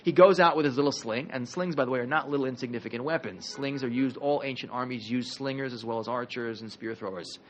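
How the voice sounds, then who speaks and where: A man teaching a history class as a rabbi, telling the story in a lively, conversational way with jokey asides. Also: medium pitch, quick pace, hardly any pauses, a little hiss or hum.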